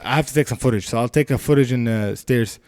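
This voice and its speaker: A man telling a story in casual podcast chat, animated and laughing, acting out voices. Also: medium pitch, quick pace.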